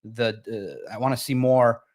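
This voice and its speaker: A man co-hosting a sports talk show, talking casually and emphatically, often jumping high in pitch to stress a point. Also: fairly even intonation, unhurried, darkish tone.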